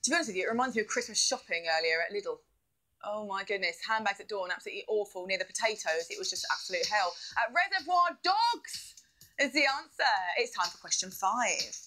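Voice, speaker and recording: A woman's voice: mid-range voice, expressive, a little fast, pushed and bright, rough recording. A woman hosting a live quiz show, bubbly, with playful asides.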